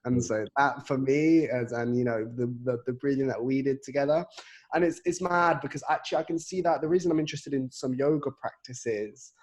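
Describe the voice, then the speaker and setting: Young man talking haltingly, full of fillers. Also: mid-range voice. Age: 20s. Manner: reflective, halting, many fillers like "you know" and "um". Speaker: podcast guest. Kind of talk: casual chat.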